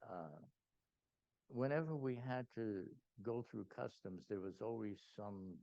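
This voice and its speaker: An older man telling a lively anecdote at a gathering, acting out voices and laughing often. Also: measured pace, gravelly, dry recording. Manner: animated anecdote teller, acts out quotes, laughs often. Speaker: speaker at a spiritual gathering. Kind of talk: storytelling talk. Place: meeting hall. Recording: dull low-fidelity sound, dry.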